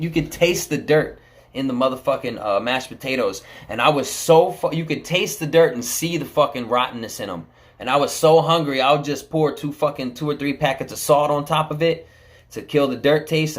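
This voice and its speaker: A man telling a camera about his time in prison, in casual, blunt street talk full of swearing. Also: mid-range voice.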